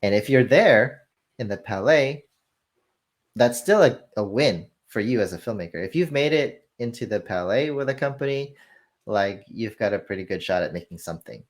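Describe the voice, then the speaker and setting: A man casually explaining the film business as an interview guest, telling animated anecdotes and acting out the dialogue. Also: on the low side, moderate pace. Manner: animated storytelling, acts out dialogue.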